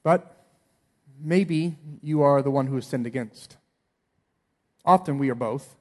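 A man in his thirties, a pastor preaching a sermon in an earnest way, dropping soft and then rising to emphatic appeals. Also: medium pitch, slow pace.

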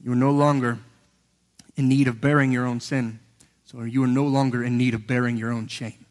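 A man preaching a sermon earnestly, rising to emphatic peaks and sinking to hushed lows. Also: flat delivery, moderate pace. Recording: long hall reverb.

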